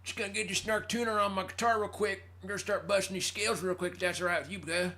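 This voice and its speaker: A man voicing a rough, swearing redneck ex-convict with a mock rural accent who drawls and calls everyone bud. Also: sits high, steady tone, quick pace, bright, forceful tone, voice pushed up. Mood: laid-back.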